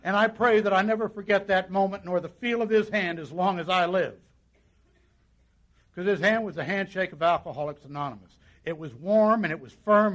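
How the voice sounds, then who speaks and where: A man with a strikingly high, slightly bright voice tells a meeting audience about his own recovery. His telling is folksy and conversational, and he keeps acting out what the people in the story said.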